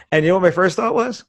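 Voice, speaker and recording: A man's voice: sits high, a bit bright, no room sound, studio quality. A middle-aged American man from the United States, a podcast guest chatting casually and telling stories with frequent laughs. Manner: chatty storyteller, laughs often.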